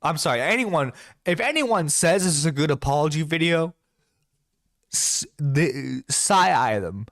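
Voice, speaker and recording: A man's voice: fairly high pitch, expressive, a little slow, fairly bright tone, no echo, studio quality. Heated, swearing man ranting on a stream. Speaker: streamer reacting to a video. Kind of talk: angry reaction commentary. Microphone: desk microphone.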